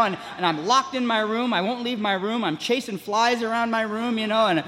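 A man with a somewhat high voice tells his recovery story to a meeting, wandering and looping back with "you know" and many restarts. He slips into other people's voices as he goes. The sound rings out with a long hall reverb. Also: fairly quick, few pauses, fairly bright tone, slight background noise. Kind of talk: personal recovery story told to a room.

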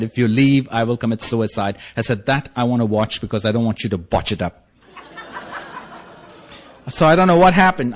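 A man with a non-native English accent telling a humorous personal story in a wry, self-mocking way, laughing as he goes. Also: mid-range voice. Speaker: speaker sharing a recovery story.

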